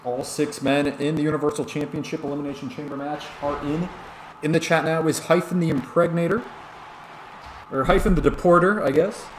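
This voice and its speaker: A man's voice: a little high, steady tone, fairly quick, a little hiss or hum. Tipsy man calling wrestling in a roomy room. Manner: rambling, chatty, talks back to chat comments. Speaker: streamer and wrestling game commentator. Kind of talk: play-by-play commentary on a video game while reading chat.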